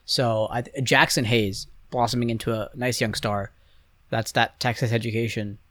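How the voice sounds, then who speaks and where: A man's voice: mid-range voice, fairly even intonation, moderate pace, fairly bright tone, no echo. A young man co-hosting a podcast, talking casually about basketball in a rambling, hesitant way with many restarts. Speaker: podcast co-host. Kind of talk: casual sports chat.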